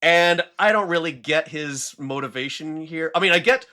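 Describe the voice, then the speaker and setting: Movie podcast guy, kinda high bright voice, laid back and wry, lots of ums. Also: normal speed. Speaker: podcast co-host. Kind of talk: casual movie review chat.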